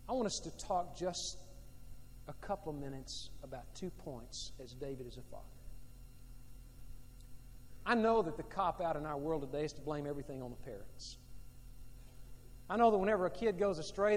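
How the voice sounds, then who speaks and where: A male pastor delivers a sermon in a high voice. He is emphatic and repeats his points, moving between loud and quiet. The long reverb of a large church hall trails every phrase. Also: animated, fairly quick, long pauses. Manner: emphatic and repetitive, swinging between loud and hushed.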